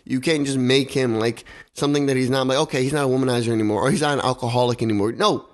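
A young man ranting in a casual podcast conversation. His voice sits at an ordinary middle pitch. He talks heatedly, curses freely and hammers his points home by repeating them. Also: steady tone, very fast. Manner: heated, swearing, repeats himself for emphasis. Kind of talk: casual opinionated chat.

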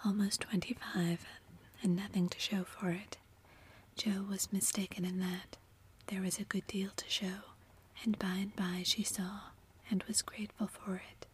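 A woman's voice: medium pitch, level tone, a little slow, a little hiss or hum. A woman reading a classic novel aloud as a whispered role-play in an unvoiced whisper. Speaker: reader.

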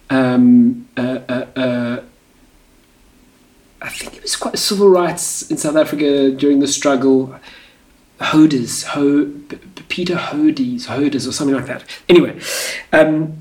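A man chats casually with a friend, teasing him and reacting with disbelief to his stories. His voice sits a touch on the high side. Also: darkish tone, rough recording. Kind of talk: casual chat.

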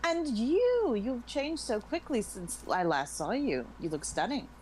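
A woman's voice: a little high, very animated, a little slow, darkish tone, slight background noise, low-quality recording. A woman playing in a tabletop game, playful and flirty in character. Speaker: player. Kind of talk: tabletop role-play.

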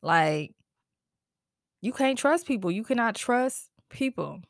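A woman's voice: on the high side, slow, no echo, studio quality. Profane, fired-up woman podcast host. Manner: heated, profane, animated venting with laughs and sighs. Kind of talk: casual solo podcast rant.

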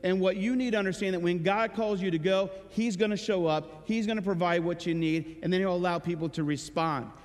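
A man's voice: high voice, steady tone, fairly quick, hardly any pauses. A male pastor giving a sermon in a church, talking to his listeners casually and asking rhetorical questions. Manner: conversational preaching with rhetorical questions. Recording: reverberant church hall with loud music.

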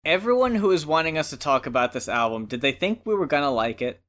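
Co-host, casual, lively up-and-down delivery, jokey. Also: medium pitch. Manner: lively, joking, quick to laugh. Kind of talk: casual chat.

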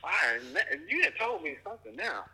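Bright husky man on a phone line. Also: a little high, sing-song, fast talker. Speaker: podcast co-host. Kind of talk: casual chat.

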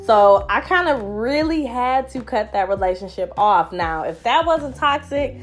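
Lively young woman hosting, slangy storytelling. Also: on the high side, a little slow. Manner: animated storytelling, slangy, laughs often. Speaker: podcast host. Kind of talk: casual chat. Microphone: phone app.

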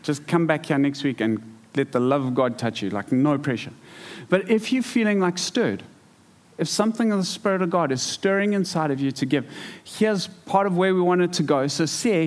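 A man preaching to a church congregation, telling stories in a lively way that stumbles and repeats words. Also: a little high, a little fast. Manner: storytelling, animated, repeats words. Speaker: pastor. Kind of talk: sermon. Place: church hall.

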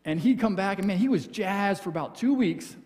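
A man preaching a conversational sermon as pastor, acting out quoted voices and dropping very soft for emphasis. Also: high-pitched, lively intonation, fairly quick. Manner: conversational, acts out quoted voices, drops to near whisper for emphasis. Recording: church hall with long reverb.

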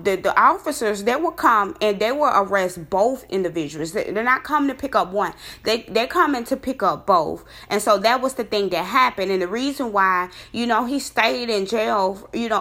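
A woman rambles animatedly through a personal story, full of fillers and restarts. Her voice leaps up high whenever she recounts her disbelief.

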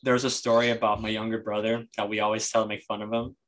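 A man's voice: on the low side, flat delivery, fast, fairly bright tone. A young man guesting on a podcast, telling a rambling family story with laughter and fillers. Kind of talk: casual chat.

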